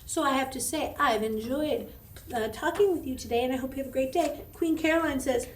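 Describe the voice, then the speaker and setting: A woman music teacher telling a story to children in an animated way, often asking the listener questions. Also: high voice, brisk. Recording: echoey room, from far off.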